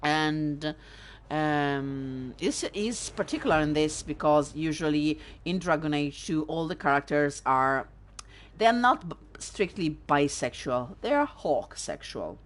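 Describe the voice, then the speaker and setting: A woman's voice: deep voice, lively intonation, slow. A woman hosting a let's play, chatting casually over gameplay with sarcastic asides and frequent fillers.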